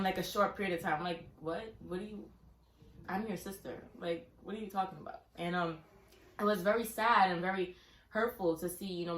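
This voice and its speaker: A young woman telling a family story casually, acting out her younger self's questions and laughing through the worst parts. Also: mid-range voice. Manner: animated, acts out her younger self in quoted questions. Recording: echoey room.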